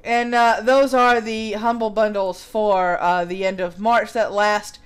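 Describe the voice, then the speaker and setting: A woman's voice: medium pitch, fairly even intonation, unhurried, clear, resonant tone. A woman hosting a livestream, reading an article aloud in a mocking put-on English accent and breaking off to chat. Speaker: livestream host.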